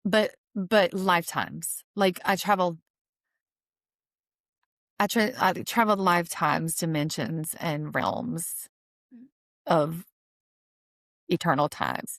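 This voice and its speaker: A woman's voice: lowish voice, slow, vocal fry, pauses often, no echo, studio quality. A woman hosting a podcast, talking earnestly through a reflective spiritual monologue, repeating phrases for emphasis with light laughs. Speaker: podcast host.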